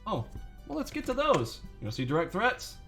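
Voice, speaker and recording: A man with a fairly high voice rants at his viewers, indignant and sarcastic, and he swears freely. Soft music plays faintly behind him. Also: wildly swooping pitch, brisk. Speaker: trading channel host. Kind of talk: angry rant to viewers.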